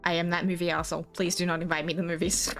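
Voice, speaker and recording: A woman's voice: on the low side, little pitch movement, racing, a bit bright, soft background music. A young Australian woman streaming a game, chatting casually and rambling, swearing freely and quoting herself and others. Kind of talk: casual chat while gaming.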